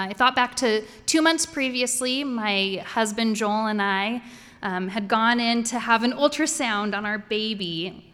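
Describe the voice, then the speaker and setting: A woman's voice: on the high side, a bit bright, smooth. A woman telling a personal story before an audience, conversational and wryly humorous. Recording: echoey hall.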